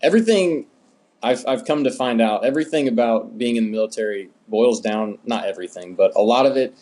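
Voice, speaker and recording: A young man from the United States, an interview guest, telling his story in a relaxed, rambling way with many fillers. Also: medium pitch, brisk. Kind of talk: casual storytelling.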